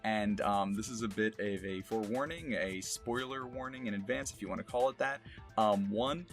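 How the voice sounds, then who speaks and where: A man, a voice actor, talking casually about his past character voices in a relaxed, self-deprecating way with frequent laughs. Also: fairly low pitch, normal speed, faint music behind. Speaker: voice actor and streamer. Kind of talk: casual retrospective talk.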